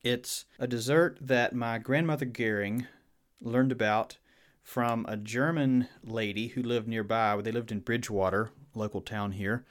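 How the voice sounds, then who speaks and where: A man with a Virginia Southern accent chats casually on a podcast. His voice sits at an ordinary pitch, and he speaks in a thoughtful, unhurried way, circling back and restarting his sentences as he goes. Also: fairly even intonation. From Virginia, USA.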